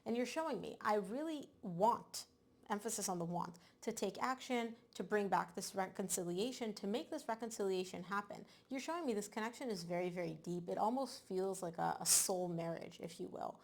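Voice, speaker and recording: A woman giving a casual tarot reading to camera, animated and emphatic, often repeating words for stress. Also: mid-range voice, fairly quick, vocal fry, few pauses. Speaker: tarot reader.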